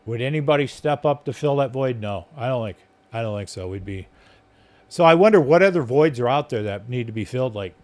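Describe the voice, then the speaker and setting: A man hosting a live podcast stream outdoors at night, talking casually in a rambling way full of fillers, his voice a bit hoarse. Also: medium pitch. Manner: rambling, filler-heavy talk. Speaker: podcast host.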